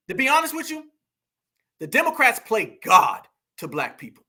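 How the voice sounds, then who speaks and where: A man's voice: extremely high pitch, wildly swooping pitch, moderate pace, bright, forceful tone, breathy edge. A man delivering an impassioned political monologue as a commentator, preachy and emphatic, repeating lines for effect and calling out to his listeners.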